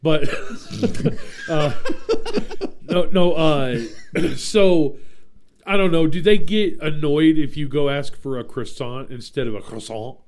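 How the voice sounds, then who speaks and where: A man's voice: fairly high pitch, slow pace. Laid-back male podcast host. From Omaha, Nebraska. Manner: relaxed, laughs often, trails off with fillers. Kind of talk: casual podcast chat.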